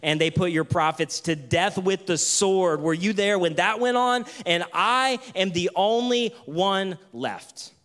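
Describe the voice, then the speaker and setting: A man's voice: high-pitched, normal speed, fairly bright tone, voice pushed up. A man voicing a weary, complaining male prophet who pleads and protests in a raised voice. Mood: aggrieved.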